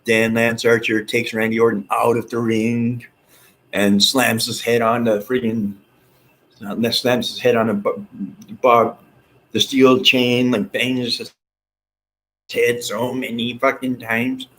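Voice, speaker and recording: A man vlogging in a rambling, excitable monologue, with some swearing. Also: mid-range voice, takes it slowly, poor audio. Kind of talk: casual monologue.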